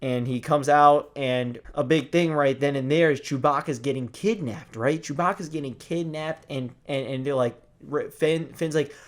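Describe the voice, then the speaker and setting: A young man giving a casual movie review, excited and profane, rambling with lots of restarts. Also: a little high, normal speed, few pauses.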